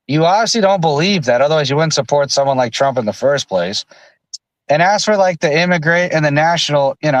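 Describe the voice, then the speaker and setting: A man's voice: mid-range voice, dry recording, low-quality recording. Blunt, sarcastic man co-hosting a livestream. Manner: blunt and sarcastic, with frequent restarts. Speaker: livestream co-host. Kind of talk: casual opinionated chat.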